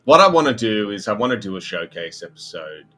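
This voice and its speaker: A man with an Australian accent, a game co-founder chatting as a guest, laughing often in relaxed banter. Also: fairly low pitch, a little fast, rough recording. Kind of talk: casual livestream banter.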